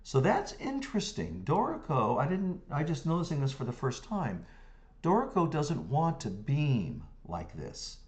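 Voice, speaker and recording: Man guiding a software tutorial. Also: medium pitch. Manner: talks through clicks step by step, hums rhythms as syllables; checks in with the viewer often. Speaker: music notation software teacher. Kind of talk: screen-recorded software tutorial.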